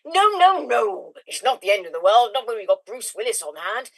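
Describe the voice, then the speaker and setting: A woman's voice: fairly high pitch, very animated, a little fast, low-quality recording. Rambling woman improviser. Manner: rambling, self-interrupting. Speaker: improv performer. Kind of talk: improv scene, playful rambling.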